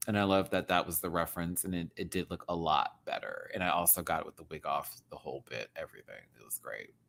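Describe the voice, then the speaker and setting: A man reviewing a show to camera talks in a chatty, expressive rant. His voice dips to murmured asides, then jumps up into loud exclamations. Laughter keeps breaking into his talk. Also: low-pitched, fast, creaky. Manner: animated, swings from hushed asides to loud exclaiming; laughs often. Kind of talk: casual commentary rant to camera.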